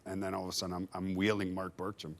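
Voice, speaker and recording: Fast-talking man telling a wild story. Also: low voice. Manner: animated anecdote teller, acts out dialogue. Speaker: panelist and former player. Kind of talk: casual storytelling on a sports panel.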